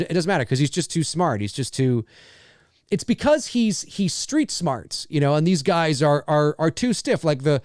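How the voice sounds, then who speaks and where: A man's voice: fairly high pitch, a little mellow, no echo, clean studio sound. A middle-aged man hosting a casual live movie commentary, chatty and laughing often as he talks over the film.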